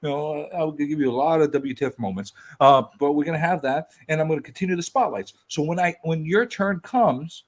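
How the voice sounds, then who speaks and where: A man in a casual group video chat, teasing the others with loud, rambling, playful bluster. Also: on the high side, fairly quick, hardly any pauses. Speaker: community hangout regular.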